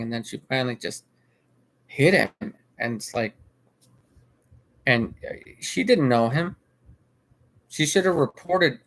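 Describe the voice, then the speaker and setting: Rambling man retelling a viral clip. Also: medium pitch. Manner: rambling with frequent restarts and filler. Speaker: vlogger. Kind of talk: casual spoken commentary.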